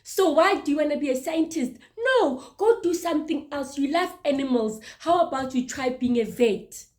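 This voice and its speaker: A woman's voice: high voice, moderate pace, a little mellow. A woman in her mid-thirties hosting a casual advice monologue, earnest and emphatic, often repeating her words. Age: 30s. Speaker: show host.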